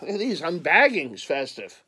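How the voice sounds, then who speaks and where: A man's voice: fairly high pitch, very animated, moderate pace, bright, forceful tone, slight background noise. A man with a Philadelphia accent, chatting casually on his vlog about his purchases and rambling with lots of stammered restarts and playful teasing. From Philadelphia area. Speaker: vlogger.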